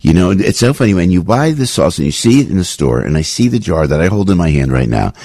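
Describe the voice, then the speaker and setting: A man in his sixties with a New Jersey accent, hosting a radio talk show with an animated, jokey pitchman's manner. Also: fast, no room sound. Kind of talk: casual radio chat and live ad read. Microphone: studio broadcast mic.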